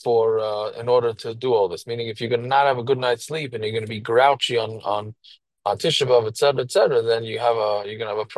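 A man's voice: medium pitch, steady tone, fast, no room sound, low-quality recording. A man with a who teaches a text line by line, each phrase and then explaining it in plain English. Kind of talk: reading and translating a Hebrew text line by line.

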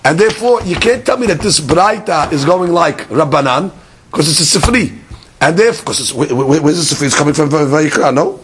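Male Talmud teacher, higher voice, animated lecture, faint hiss behind. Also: brisk. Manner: animated explaining, mixing Hebrew-Aramaic terms into English, repeats words.

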